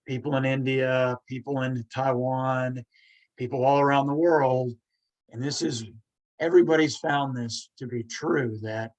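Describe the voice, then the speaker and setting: A man's voice: medium pitch, poor audio. A man hosting a podcast conversation who stutters, repeating words as he talks in an earnest, emphatic way. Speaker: podcast host. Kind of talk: conversational interview talk.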